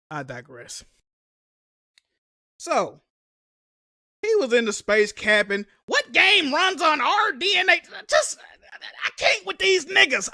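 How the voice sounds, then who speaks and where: In clean studio sound with no echo, a very high-voiced young man delivers live-stream commentary that is a swearing, animated, fed-up rant about a game console event.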